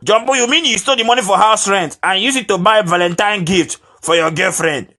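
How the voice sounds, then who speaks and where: A man's voice: high-pitched, fairly quick, over music. Man voicing a bossy Nigerian cartoon dad. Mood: threatening. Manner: bossy, threatening. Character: blustering cartoon father and bossy assistant.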